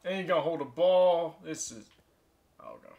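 A man's voice: a little high, lively intonation, moderate pace, vocal fry, darkish tone, highs cut off. A young man giving casual gameplay commentary, frustrated and swearing as he rants about his teammates. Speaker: gaming youtuber.

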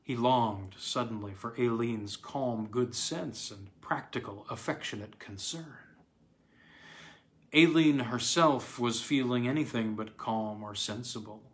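A man reading a weird tale aloud in a measured, dramatic way. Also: medium pitch, fairly bright tone. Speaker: reader. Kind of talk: scripted narration.

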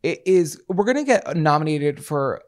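A man co-hosting a podcast in casual chat, playful and dramatic with quick rambling asides, mouth a bit dry. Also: on the high side, big pitch swings. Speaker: podcast co-host.

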